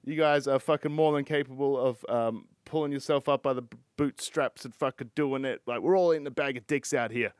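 A man's voice: mid-range voice, brisk, hardly any pauses, a little mellow, no echo, clean studio sound. Swearing man ranting on a podcast. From Australia. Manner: frustrated, heavy swearing, rambling. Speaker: podcast host. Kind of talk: casual solo podcast rant.

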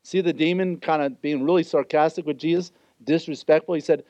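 A pastor delivers an earnest expository sermon in a high, light voice. The sound is dry and close, with no room echo. The recording is a little dull and muffled. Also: male voice, fairly even intonation, a little fast, few pauses, a little mellow. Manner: earnest expository preaching, acts out quoted voices.

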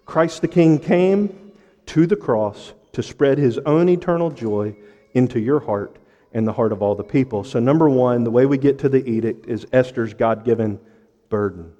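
A man preaching a sermon with impassioned rhetorical questions, pausing for effect and dropping to a hush. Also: mid-range voice, long reverb tail, dull audio. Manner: impassioned preaching with dramatic pauses and sudden drops to a hush. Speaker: pastor.

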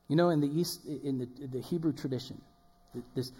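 A man preaching a sermon as pastor, swinging between loud emphatic lines and hushed ones. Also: a little high, brisk, a little hiss or hum. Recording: long hall reverb.

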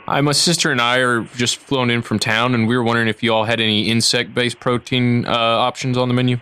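A man's voice: medium pitch, little pitch movement, brisk, sharp tone, a little hiss or hum. A man hosting a comedy podcast, making prank calls and asking absurd questions with a straight face. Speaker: podcast host and prank caller. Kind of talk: prank phone call banter.

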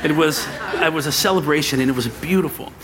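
A pastor with a slightly high voice talks fast amid crowd noise in a church sanctuary. He's preaching a personal story to his congregation, animated throughout and acting out the voices he quotes.

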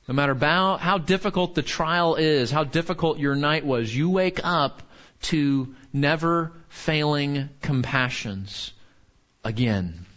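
A man's voice: on the high side, lively intonation, a little slow, fairly bright tone. A man teaching a Bible class in an earnest, questioning way, drawing answers from the group. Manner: earnest, asks the room questions, frequent restarts. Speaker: pastor or teacher. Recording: dull lo-fi recording.

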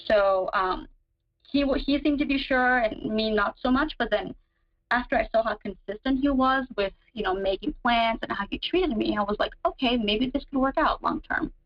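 Woman guest, casual storyteller, chatty with fillers, pitch jumps on dramatic bits; dull lo-fi audio. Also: moderate pace. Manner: chatty, many fillers, relives moments with sudden higher pitch. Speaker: guest describing her relationship.

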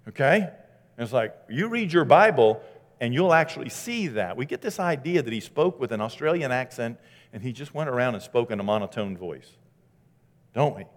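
Animated male preacher in a reverberant hall. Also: a little high. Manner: conversational, animated, acts out scripture quotes. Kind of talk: sermon.

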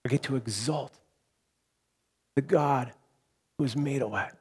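A man preaching a sermon as pastor, earnest, rising to impassioned repeated phrases and dropping to quiet reflection. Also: medium pitch, a little slow, husky. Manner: drops to quiet, soft delivery for reflective points.

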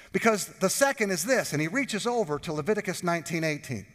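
A pastor preaching a sermon, joking and drawing the congregation in with questions. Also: male voice, high voice, lively intonation, brisk, few pauses, fairly bright tone, long reverb tail. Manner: jokey, talks with the congregation.

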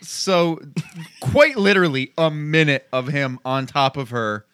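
A man on a casual podcast who swears freely and acts out quick impressions as he recaps. His voice sits a little high and sounds bright, recorded close and dry. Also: expressive, clear, resonant tone, no room sound. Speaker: podcast host. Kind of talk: casual chat.

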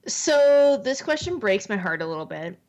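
A woman's voice: fairly high pitch, very animated, normal speed, darkish tone, lo-fi sound. A woman chatting on a podcast with an earnest, candid manner. She talks openly and personally. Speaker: podcast co-host. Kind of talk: casual chat.

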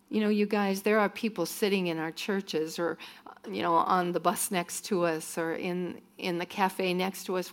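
A woman minister telling stories in a sermon-style talk to a church group, often acting out what other people said. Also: mid-range voice. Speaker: minister speaking to students.

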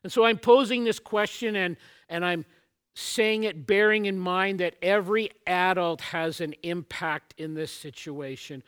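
A man's voice: high-pitched, measured pace, fairly bright tone, clean tone. A man pastor delivering a sermon, earnest and teaching, opening with a joke story before addressing his congregation. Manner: earnest, storytelling opener then teaching, occasional restarts.

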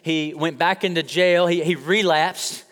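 A man's voice: fairly high pitch, steady tone, unhurried, a bit bright. A man preaching a sermon to his congregation, conversational and joking, calling out to the room. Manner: humorous, conversational preaching with audience call-outs. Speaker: pastor. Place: church sanctuary. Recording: long hall reverb.

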